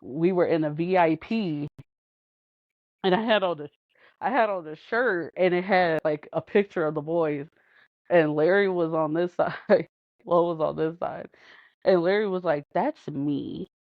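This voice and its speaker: A woman chats on a podcast in an animated, storytelling way, slipping into the voices of the people she quotes and laughing between lines. The recording is dull and lo-fi, close and dry with no room sound. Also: on the low side, a little slow, no room sound. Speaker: podcast guest. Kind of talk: casual storytelling chat.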